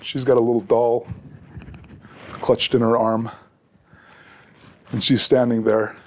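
A man's voice: mid-range voice, level tone, slow. A middle-aged man preaching a sermon as a pastor, earnest and often repeating words as he restarts.

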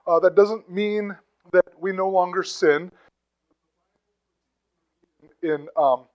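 A pastor with a voice on the high side delivers a conversational teaching sermon full of asides, rhetorical questions and emphatic bursts on key phrases. The audio is dull.

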